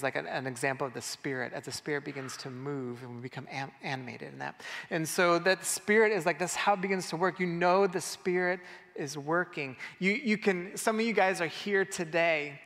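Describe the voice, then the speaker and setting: A man's voice: a little high, gravelly, fairly bright tone. A man preaching a casual, conversational sermon and directing his congregation, talking loosely with fillers. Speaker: pastor. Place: church hall. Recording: reverberant hall.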